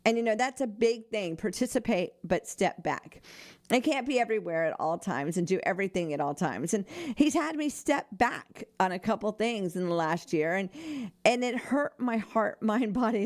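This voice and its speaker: Older woman, radio host, mid-pitched, earnest, chatty, laughing, studio mic. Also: normal speed. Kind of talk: devotional talk on radio.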